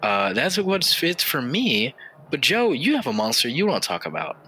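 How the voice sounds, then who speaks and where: A young man co-hosting a comedy podcast, casual and teasing with quick joking asides. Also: medium pitch, big pitch swings, sharp tone, breathy edge. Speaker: podcast co-host.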